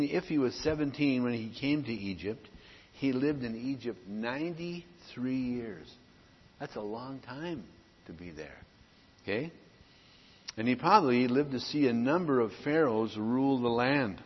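A man, a pastor, delivering an earnest, conversational sermon with frequent pauses. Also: medium pitch, expressive, breathy edge, long reverb tail, lo-fi sound.

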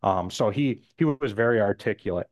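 A man's voice: lowish voice, expressive, moderate pace, dry recording, muffled recording. A man who is a missionary, casually retelling a street conversation with lots of "um"s and "I said"s. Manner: rambling, many "um"s and "I said"s. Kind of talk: casual storytelling testimony.

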